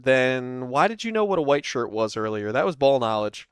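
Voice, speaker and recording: Smooth-voiced man in casual stream commentary. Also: mid-range voice, big pitch swings, normal speed, dry recording. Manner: rambling, filler-heavy, reads chat aloud. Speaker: streamer reacting to police clips.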